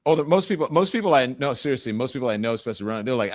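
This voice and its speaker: A man's voice: medium pitch, expressive, rapid-fire, hardly any pauses, no room sound. A man hosting a political talk show, speaking casually and wryly with frequent halts. The sound is dry and close. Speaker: host.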